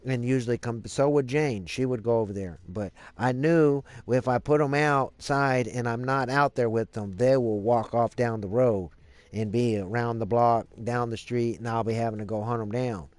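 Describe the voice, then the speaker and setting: A man's voice: medium pitch, steady tone, normal speed, no echo. A man live streaming, telling a story in a rambling casual way, cursing freely and leaning on lots of fillers. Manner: rambling, profane, many fillers.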